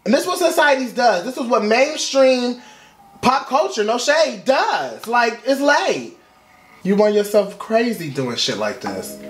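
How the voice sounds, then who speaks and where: A young man hosting a casual reaction vlog, sassy and expressive, swearing freely. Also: very high-pitched, measured pace, slight background noise. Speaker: YouTube reaction host.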